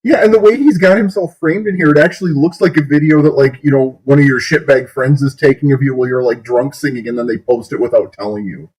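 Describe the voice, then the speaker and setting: Husky man mocking videos between laughs. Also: medium pitch, quick pace, hardly any pauses, darkish tone, low-quality recording. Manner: laughs often, incredulous and sarcastic. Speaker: streamer host.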